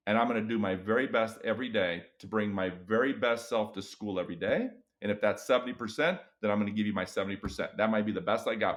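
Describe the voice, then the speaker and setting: A middle-aged man with a low voice speaks as a guest educator in a podcast interview. He tells stories in an animated way, leaping into high, strained voices to act out exhausted teachers, then drops back to an earnest, low delivery. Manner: animated storytelling, acts out weary teachers with big pitch jumps.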